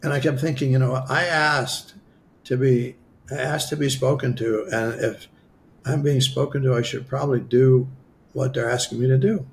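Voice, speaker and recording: A man with a gravelly, fry-tinged voice sits as the guest in an interview and tells his story with animation. He acts out each line of dialogue and pokes fun at himself as he goes. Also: mid-range voice, normal speed, a little hiss or hum. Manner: animated, acts out quoted dialogue, self-mocking humor. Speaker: guest healer.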